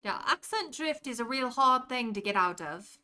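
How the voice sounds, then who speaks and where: A woman's voice: a little high, expressive, normal speed, pushed and bright. A woman live streamer chatting casually with her viewers in a put-on British accent, answering chat messages aloud from home. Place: home room.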